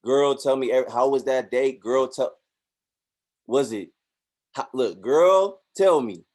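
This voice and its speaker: A man giving a motivational talk, preachy and animated, acting out voices in his stories. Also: medium pitch, slow. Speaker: motivational speaker.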